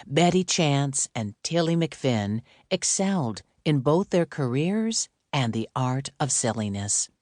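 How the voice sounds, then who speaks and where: In scripted audiobook narration, a medium-pitched male voice tells the story at a steady, measured pace. The recording is studio quality with no echo.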